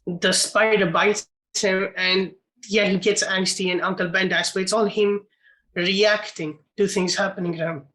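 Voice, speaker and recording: A man's voice: high-pitched, flat delivery, measured pace, pushed and bright, poor audio. Emphatic man ranting about a film. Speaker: podcast co-host. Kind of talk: casual film chat.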